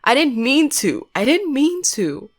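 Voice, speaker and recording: A woman's voice: high voice, big pitch swings, measured pace, voice pushed up, heavily acted. A woman voicing a terrified teenage girl who is sobbing and pleading in a panic.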